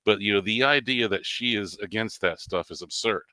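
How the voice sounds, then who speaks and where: Brief: male commentator, emphatic and indignant, low-pitched, forceful tone. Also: normal speed, dry recording, low-quality recording. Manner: indignant, emphatic, occasional dry laugh. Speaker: guest commentator. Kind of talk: impromptu political commentary.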